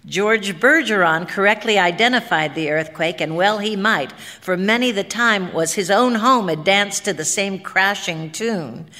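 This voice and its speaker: A woman's voice: medium pitch, unhurried, few pauses, sharp tone. Woman narrator, dramatic storytelling, mid-range voice, long hall reverb. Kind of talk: expressive story reading.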